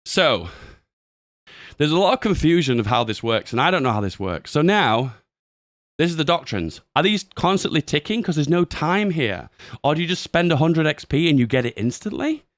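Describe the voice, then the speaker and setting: Excitable gaming YouTuber. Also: male voice, a little high, normal speed, no echo, clean studio sound. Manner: excitable, laughing, swearing. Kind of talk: casual commentary on a game update.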